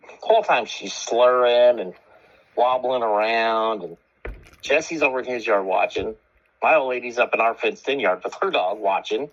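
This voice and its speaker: A man hosting a radio show, telling a story in casual chat. He is animated and profane and acts out both sides of an argument in raised voices. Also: medium pitch, moderate pace, dull audio.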